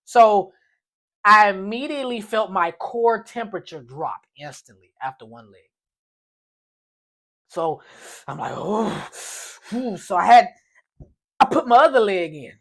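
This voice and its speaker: A man tells a comic story from his own life in a story time vlog, animated and playful. His voice sits high and swings up and down a lot as he hams up each beat. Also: a little slow, long pauses.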